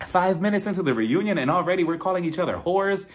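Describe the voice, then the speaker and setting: A man casually recapping a reality show reunion, animated and laughing often as he mimics the cast's lines. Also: high voice, quick pace. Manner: animated, acts out cast members' lines in mimicking voices. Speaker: reality TV reviewer.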